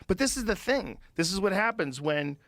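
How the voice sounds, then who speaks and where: A man's voice: high voice, moderate pace, no echo, studio quality. A middle-aged man hosting a podcast, telling stories in casual, profane chat. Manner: profane, animated storytelling. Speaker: podcast host.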